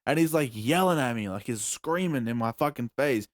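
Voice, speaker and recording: A man's voice: mid-range voice, moderate pace, no echo. Young aussie guy on a podcast, swears a ton, acts stuff out, dry close sound. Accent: Australian. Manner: animated, profane, acts out scenes with yelps and shouts. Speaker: podcast host. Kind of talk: casual storytelling.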